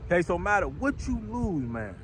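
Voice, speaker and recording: A man preaching outdoors on a city street, blunt and rough-spoken, hammering each point with "right?" and "man". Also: sits high, big pitch swings, brisk, fairly bright tone, a little hiss or hum.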